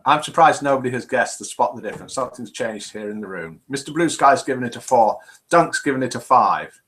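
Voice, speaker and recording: A man's voice: mid-range voice, expressive, brisk, a bit bright. An older man from England with a Midlands accent, hosting a live call-in show in a cheerful, chatty way and reading out viewer messages. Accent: English Midlands. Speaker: host. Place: home room.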